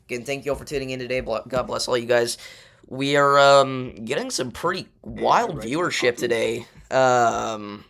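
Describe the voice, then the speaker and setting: A young man hosts a casual livestream and talks straight to his viewers. His voice has a gravelly, fry-laden edge. He drifts between points with lots of fillers and pushes back on their takes. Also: medium pitch, normal speed, fairly bright tone. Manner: loose and chatty, many fillers, argues weather takes. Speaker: livestream host.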